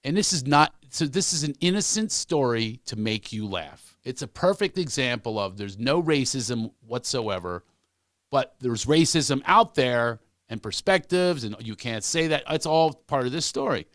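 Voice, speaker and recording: A middle-aged man, a comedian guest on a podcast, telling comic stories in an animated way and acting out the people he quotes. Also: normal speed, no room sound, studio quality. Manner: animated storyteller, acts out quoted voices, big pitch swings. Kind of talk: storytelling in a podcast chat.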